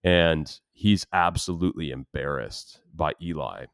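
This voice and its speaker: A man's voice: rumbling low, a little slow, creaky, no room sound, studio quality. A man in a casual film discussion, talking hesitantly with frequent restarts and short laughs. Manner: hesitant, restarts often, laughs when quoting. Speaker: podcast co-host.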